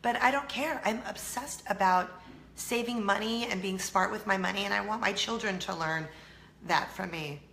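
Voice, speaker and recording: Bright-voiced hoarse woman with a Southern drawl. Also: medium pitch, normal speed, echoey room, a little hiss or hum. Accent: slight Southern US drawl. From California. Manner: chatty and self-mocking, with frequent laughs. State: hoarse from a cold. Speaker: vlog host. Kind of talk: casual chat to camera.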